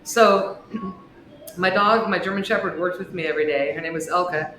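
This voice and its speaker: Expressive woman telling a story, echoey room. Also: moderate pace. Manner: expressive storyteller with wide swings in pitch and loudness. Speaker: podcast guest, author and shop owner. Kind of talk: telling a personal ghost story in an interview. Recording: echoey room with faint noise.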